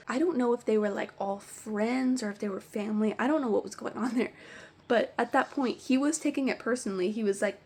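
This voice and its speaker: A young woman telling pet store stories in an animated, exasperated rant, swearing freely. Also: on the high side, brisk. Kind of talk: storytime rant.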